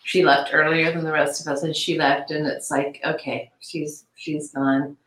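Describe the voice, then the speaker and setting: A middle-aged woman being interviewed, speaking haltingly with many restarts and turning animated when she quotes people. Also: sits low. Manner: animated when quoting others. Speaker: interview guest, victim's aunt. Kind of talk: conversational interview. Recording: echoey room.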